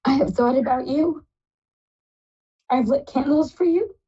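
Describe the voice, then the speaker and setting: A woman's voice: high-pitched, a little slow, warm tone, lo-fi sound. A woman hosting a live call-in psychic reading show, effusive and tearful, calling callers "love".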